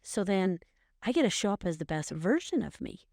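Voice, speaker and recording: A woman's voice: mid-range voice, big pitch swings, a little fast, gravelly, darkish tone, dry recording, studio quality. A middle-aged woman co-hosting a podcast, giving earnest, coaching advice in a casual chat and repeating phrases for emphasis. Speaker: podcast co-host, mother.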